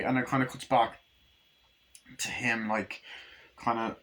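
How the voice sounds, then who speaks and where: A man's voice: mid-range voice, little pitch movement, unhurried, fairly bright tone. A man casually recapping a film scene by scene, rambling and swearing, with lots of "like" and "um". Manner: rambling, profane, full of fillers. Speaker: movie reviewer.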